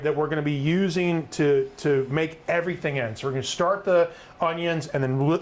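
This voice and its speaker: A man's voice: fairly high pitch, a little hiss or hum. Upbeat chef chatting while he cooks. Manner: upbeat, chatty, keeps asking "right?". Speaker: chef host of a live cook-along. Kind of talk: live cooking demonstration.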